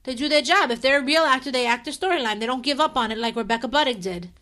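A woman with a bright, rather high voice co-hosts a casual talk show. She speaks emphatically and gushes with strong opinions. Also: fast. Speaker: co-host. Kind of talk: casual chat.

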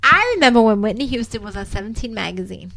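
A woman co-hosting a casual chat, blunt and teasing, gossiping with animated opinions. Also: fairly high pitch, fast talker, gravelly, over a noisy crowd. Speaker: podcast co-host.

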